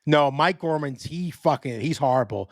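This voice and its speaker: A man co-hosting a casual sports podcast with a New York accent, talking in an animated way with frequent swearing and restarts. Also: a little high, normal speed, dry recording, studio quality. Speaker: podcast co-host.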